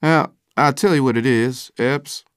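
A man reading an audiobook voices a middle-aged carpenter who argues in an earnest, deliberate way. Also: medium pitch, no echo, clean studio sound, pitched above the performer's own voice, natural voice.

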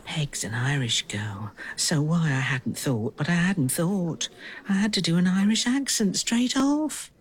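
An actor playing a working-class woman recalling her past in soft, intimate, whispered narration. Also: lowish voice, animated, measured pace. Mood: wistful. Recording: music underneath.

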